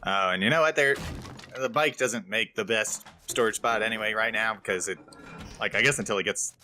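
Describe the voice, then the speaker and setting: A man's voice: on the low side, brisk, sharp tone, faint music behind. A man in a co-op gaming session, talking in a rambling, hesitant way with many fillers. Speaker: co-op gameplay host. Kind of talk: casual gaming chat.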